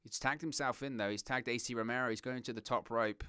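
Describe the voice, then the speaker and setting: A young man from southern England with a southern English accent, hosting a wrestling watch-along with excitable play-by-play commentary. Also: medium pitch, fast talker, clear, resonant tone, no room sound, studio quality. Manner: excitable play-by-play, giggles at puns, reads chat.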